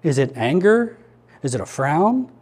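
A man's voice: on the high side, sing-song, measured pace, darkish tone, slightly rough. A man preaching a sermon as pastor to his church, in an earnest, conversational way with many questions to the listeners.

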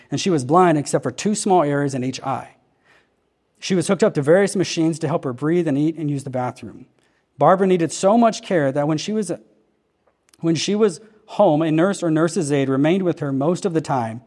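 A man reading a healing account aloud in an earnest, steady narration, with occasional slips and restarts. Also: on the high side, brisk. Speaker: reader of a testimony.

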